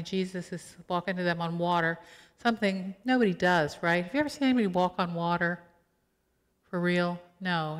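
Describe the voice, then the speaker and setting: Woman pastor, lowish voice, chatty lively sermon, church hall echo. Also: clean tone. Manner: animated, acts out quotes with playful asides. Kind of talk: conversational sermon. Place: church sanctuary. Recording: long church hall reverb.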